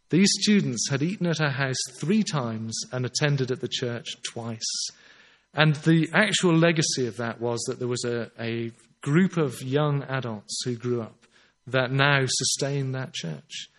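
A man preaching a sermon in an earnest, emphatic way, slowing down on his key phrases. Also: mid-range voice.

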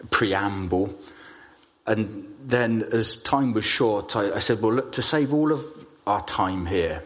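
A man preaching a sermon, telling stories and stressing key phrases slowly. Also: on the low side. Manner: storytelling, emphatic with slow stressed phrases.

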